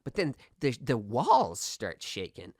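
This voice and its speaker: A man's voice: mid-range voice, huge pitch swings, slow, crowd noise. An actor playing a radio call-in host in a comedy audio drama, rambling through a story and tacking "okay?" onto his lines.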